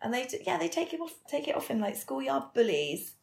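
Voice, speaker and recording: A woman's voice: high voice, very animated, brisk, creaky, a little mellow. A woman co-hosting a podcast, retelling a TV episode in a chatty, filler-heavy way. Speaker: podcast co-host. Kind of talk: casual chat recapping a TV episode. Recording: echoey room.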